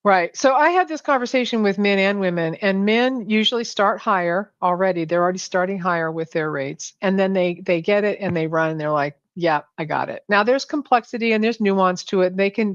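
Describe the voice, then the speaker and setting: Woman guest, animated coach who restarts her sentences a lot, heard dry and lo-fi over a call. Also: medium pitch, fairly quick, few pauses, clear, resonant tone, no echo. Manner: animated, many restarts and self-corrections. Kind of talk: conversational interview. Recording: dull lo-fi sound, dry.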